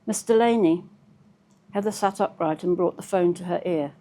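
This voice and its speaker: A woman author reading aloud from her own novel in a measured, steady storytelling manner. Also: on the low side.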